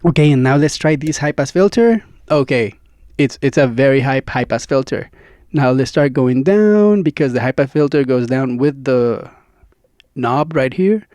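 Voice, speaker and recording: A slightly high-voiced man chats eagerly about his gear, checking in with the listener as his friend. He is recorded close on studio mics in a dead, dry home studio. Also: lively intonation, normal speed, a little mellow, no echo. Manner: enthusiastic, chatty, addresses viewer as friend. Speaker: gear reviewer. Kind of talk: casual demo talk to camera. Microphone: studio microphones, swapped during test.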